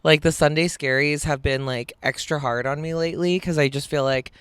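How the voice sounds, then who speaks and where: A woman's voice: low voice, fairly even intonation, fairly quick, smooth, dry recording. Chatty self-mocking woman podcaster. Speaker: comedian and podcast co-host. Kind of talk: casual podcast chat.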